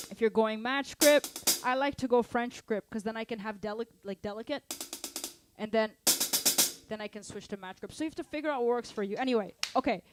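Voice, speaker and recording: A woman teaching a live online drum lesson, explaining exercises and counting beats aloud over her playing. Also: on the high side. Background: drum kit playing.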